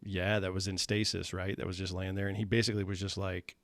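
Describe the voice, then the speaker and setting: A man's voice: low-pitched, little pitch movement, fast, a bit bright, no echo, clean studio sound. A man talking in a rambling casual chat as a podcast guest, full of fillers and restarts. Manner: rambling, filler-heavy storytelling.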